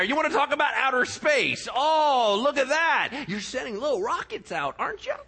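Brief: boastful all-knowing God, mocking and playful, high bright husky voice, bouncing pitch, put on by a male preacher. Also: full character voice. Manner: playful, mocking, shouting exclamations.

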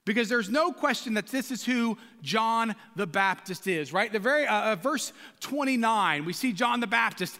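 A man preaching a sermon as pastor, loud and passionate, often shouting for emphasis. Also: extremely high pitch, expressive, brisk, hardly any pauses, big-room sound.

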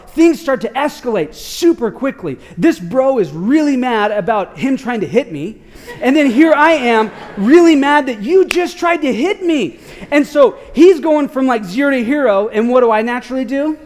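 A man preaching a casual sermon, telling a story in an animated, slangy way with lots of filler words. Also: very high voice, moderate pace. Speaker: pastor.

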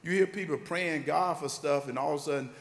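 A man from Georgia, telling emphatic, animated stories in a motivational faith talk. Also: on the high side, a little fast, vocal fry, long reverb tail. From Georgia, USA. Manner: animated, emphatic storytelling with repetition. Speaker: motivational speaker.

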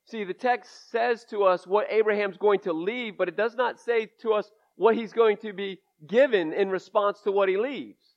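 A man's voice: high voice, moderate pace, hardly any pauses. A man preaching a conversational sermon in a church, folksy and candid with emphatic asides. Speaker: pastor. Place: church sanctuary. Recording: dull lo-fi sermon recording.

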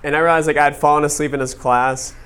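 A man telling a story to an audience in a casual, animated way, full of "like" fillers. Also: fairly high pitch, fast talker, clear, resonant tone. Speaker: speaker addressing an audience. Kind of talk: storytelling talk to a live audience.

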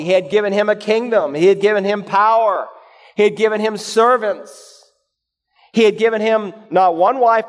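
A man preaching a sermon, reading scripture in a low, measured voice and rising to loud, emphatic points. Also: long reverb tail. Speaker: pastor.

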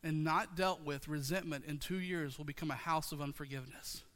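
Guy preaching in church, high voice, kinda bright, repeats stuff, echo of a big room. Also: fairly even intonation, brisk. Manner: passionate, repetitive call-and-response preaching. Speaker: pastor. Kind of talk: sermon. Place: church sanctuary.

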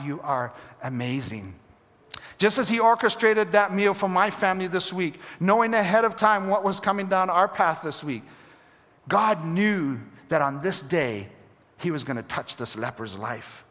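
A man preaching a sermon as pastor, swinging between hushed, near-whispered phrases and emphatic calls. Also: sits high, big-room sound.

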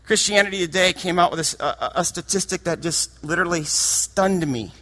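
A man preaching a sermon with passion, dropping to a hush and then rising to shouts. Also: high voice, normal speed. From United States. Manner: impassioned, swings from hushed to shouting.

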